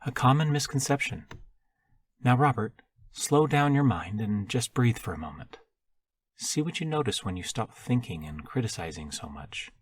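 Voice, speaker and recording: A serene female spirit guide , as a male narrator puts her on, speaks patiently and gently. Her calm never breaks in this audiobook role. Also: mid-range voice, normal speed, breathy edge, dry recording, voice pushed up.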